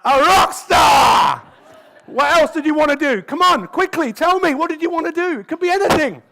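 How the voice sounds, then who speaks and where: Male motivational speaker, high-pitched, peppers the crowd with quick questions, live conference talk. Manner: lively, keeps asking the crowd questions. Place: conference stage.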